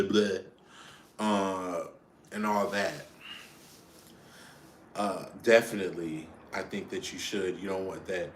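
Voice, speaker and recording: A man's voice: mid-range voice, a bit bright. A man hosting a casual celebrity gossip show, sassy and blunt, swearing freely and laughing often. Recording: roomy echo.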